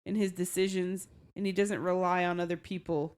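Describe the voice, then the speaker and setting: A woman's voice: lowish voice, level tone, a little fast, a little mellow, clean tone. A woman co-hosting a book podcast, talking frankly and matter-of-factly in casual chat. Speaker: podcast co-host.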